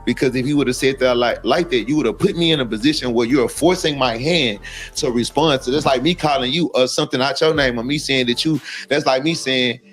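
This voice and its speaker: A man's voice: mid-range voice, brisk, faint music behind. A man from Texas talking as an interview guest, heated and profane, rambling with frequent asides. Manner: heated, profane, rambling, often says "you know what I'm saying". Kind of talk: casual interview talk.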